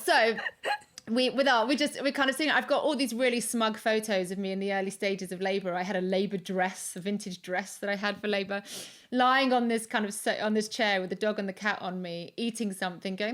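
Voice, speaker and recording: A woman in her thirties, a podcast guest recorded remotely from home, telling a story in a chatty, animated way full of restarts and acted-out quotes. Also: medium pitch, brisk. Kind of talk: casual storytelling.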